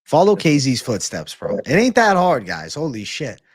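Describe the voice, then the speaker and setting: Animated swearing male stream host. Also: fairly high pitch, normal speed, a little hiss or hum. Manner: animated, swearing, repeats 'bro'. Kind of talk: casual live-stream chat.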